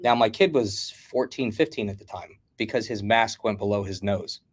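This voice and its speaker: A middle-aged American man telling blunt, animated stories as a guest in a casual chat. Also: on the low side, moderate pace, husky. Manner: animated storyteller, blunt and combative.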